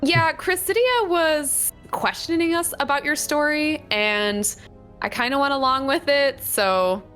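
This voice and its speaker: A woman's voice: high-pitched, animated, measured pace, a bit bright, faint music behind. A woman playing a tabletop game, chatty and thinking aloud as she talks. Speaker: player.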